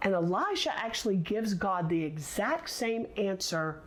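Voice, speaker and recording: A woman teaching a recorded Bible lesson, expressive and deliberate, leaning on words for dramatic emphasis. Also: mid-range voice, slight background noise.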